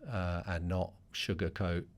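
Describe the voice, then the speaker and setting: A middle-aged business leader being interviewed on a podcast. His voice sits very low, with a rough, gravelly edge. He talks straightforwardly, with fillers and restarts. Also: level tone, unhurried. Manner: straightforward, conversational with many fillers.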